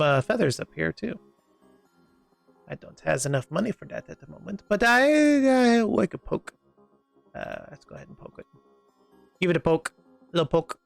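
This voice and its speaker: A Canadian man chats casually while streaming a game, drifting into self-mocking asides. His voice is gravelly and sits a little high. The sound is dry, with music playing faintly behind. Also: dry recording. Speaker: gaming streamer. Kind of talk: casual live game commentary.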